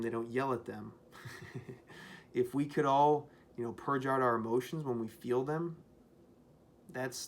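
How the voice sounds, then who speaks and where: A man's voice: mid-range voice, slight background noise. A man giving a casual, rambling spoken rant to camera, profane and full of fillers. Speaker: vlogger.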